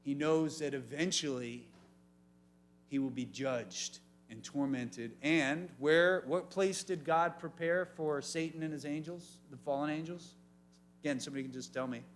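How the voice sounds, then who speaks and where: Man preaching to a teen group, animated, voice a bit high, asks questions. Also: unhurried, slight background noise. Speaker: youth pastor. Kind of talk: sermon. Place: church youth meeting room.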